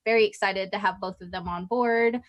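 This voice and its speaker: A woman's voice: mid-range voice, steady tone, a little fast, no room sound, muffled recording. A woman player chatting casually, playful and self-mocking, with frequent giggles. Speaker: podcast player. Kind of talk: casual podcast chat.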